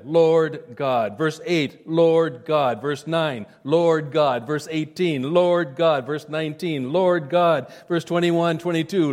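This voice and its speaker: A male pastor delivers an emphatic sermon, driving points home with repetition and direct appeals. His voice sits fairly high and rings through the long reverb of a large hall. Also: a little mellow. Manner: emphatic, repetitive preaching, direct address to listeners.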